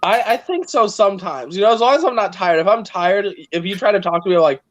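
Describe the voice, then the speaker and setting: A man's voice: sits high, expressive, fast talker, dry recording, muffled recording. A man hosting a casual chat while building a set, joking and rambling with self-mocking humor.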